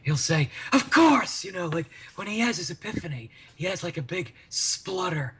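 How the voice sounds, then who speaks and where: A man hosting a podcast in casual chat, relaxed and teasing. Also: fairly high pitch, normal speed, breathy edge. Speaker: podcast host.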